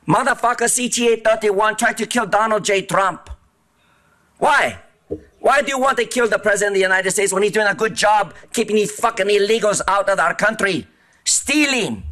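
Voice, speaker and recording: A high-voiced man with a bright, sharp tone rants at a public meeting. His talk is profane, erratic and combative, fired at the room from a podium microphone. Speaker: public commenter. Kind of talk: angry public comment rant.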